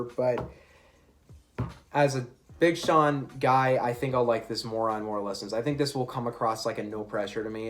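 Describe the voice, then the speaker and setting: Opinionated chatty male music reviewer. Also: mid-range voice. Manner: opinionated, chatty, frequent self-corrections. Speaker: album reviewer. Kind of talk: casual music review monologue.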